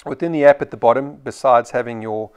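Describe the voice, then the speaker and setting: A man's voice: medium pitch, quick pace, clean tone. Casual man reviewing photo gear. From South Africa. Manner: conversational, frequent ums and restarts. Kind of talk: casual product review talk.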